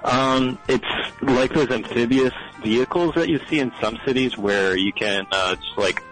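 A man from New Orleans calling in to a radio show, talking in a hesitant, deadpan way with many ums. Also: medium pitch, normal speed, soft background music, rough recording. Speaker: caller. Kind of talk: call-in radio chat.

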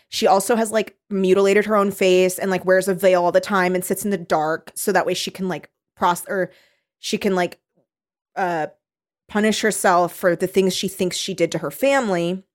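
A woman's voice: on the low side, steady tone, normal speed. A woman in casual conversation, recapping a book in a loose, rambling way. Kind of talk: casual chat about a book.

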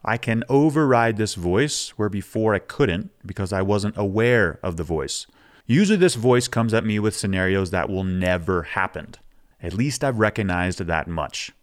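A man hosts a podcast in a candid, relaxed monologue. His voice sits a little low. He talks openly and casually, swearing now and then. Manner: frank, casual, swears freely. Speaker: podcast host.

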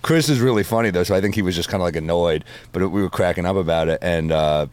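Deep-voiced male comic, casual podcast anecdotes, swears often, laughs at his own stories. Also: quick pace, a little mellow. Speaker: comedian guest.

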